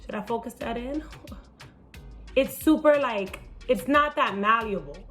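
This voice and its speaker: A woman's voice: on the high side, measured pace, fairly bright tone, faint music behind. Playful joking woman comedian. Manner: playful, joking, swears freely; switches into Spanish phrases. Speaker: comedian and TV host. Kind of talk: casual makeup tutorial chat.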